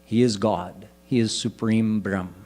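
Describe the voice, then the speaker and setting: A man giving a sermon as a spiritual teacher, explaining scripture slowly and deliberately and chanting verses in between. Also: on the low side, fairly even intonation, mellow.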